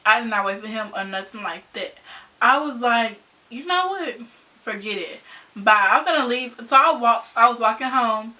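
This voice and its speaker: A young woman vlogger telling a storytime in a casual, slangy way, animated and laughing often. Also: fairly high pitch, distant mic.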